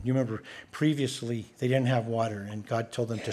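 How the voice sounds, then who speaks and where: A man's voice: medium pitch, fairly even intonation, a little fast, few pauses, darkish tone, husky. A man preaching a conversational sermon, reading scripture aloud and adding sarcastic asides.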